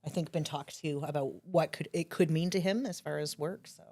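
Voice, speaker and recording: A woman's voice: low voice, a little fast, mellow. A woman, a bakery co-owner, chatting casually and upbeat as a podcast guest. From Canada.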